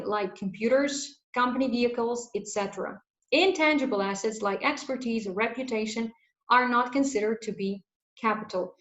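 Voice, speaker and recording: Woman teacher, clear explanatory delivery; roomy, lo-fi sound. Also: a little high, a bit bright. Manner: clear, explanatory, gives translations. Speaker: English teacher. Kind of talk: vocabulary lesson. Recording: echoey room, dull lo-fi sound.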